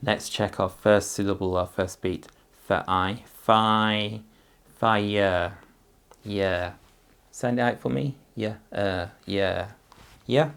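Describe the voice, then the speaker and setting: A man demonstrates phonics for parents, sounding out each syllable and letter with great patience. His voice is low and gravelly with fry. He speaks very slowly and carefully. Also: fairly even intonation, a bit bright. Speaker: teacher.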